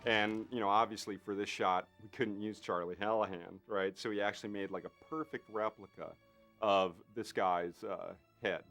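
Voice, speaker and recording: A man, a special effects artist, telling a behind-the-scenes story in an interview. He talks in an animated way, full of fillers, and acts out other people's lines. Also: fairly low pitch, moderate pace, faint music behind.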